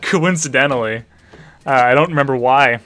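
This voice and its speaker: A man's voice: mid-range voice, normal speed, pushed and bright, faint music behind. A man, a teacher hosting a party game stream for students, chatting casually with dry offhand asides as he sets up rounds. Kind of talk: casual livestream chat.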